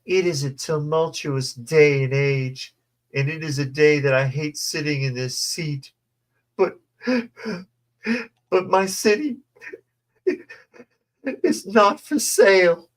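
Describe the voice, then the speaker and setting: A man voicing a tearful, overwrought woman council member in a high crying falsetto, as a mocking impression. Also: lively intonation, slow pace, long pauses. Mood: weepy.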